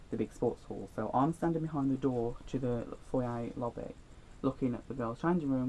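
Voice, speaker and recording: A man's voice: mid-range voice, a little mellow, a little hiss or hum, low-quality recording. A teenage boy telling school stories in a chatty, rambling, self-deprecating vlog. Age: teens. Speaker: vlogger. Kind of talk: storytime vlog.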